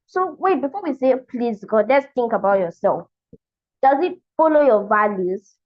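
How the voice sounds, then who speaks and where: A woman's voice: fairly high pitch, lively intonation, normal speed, muffled recording. A woman facilitating an online class for girls, thinking aloud and searching for her words.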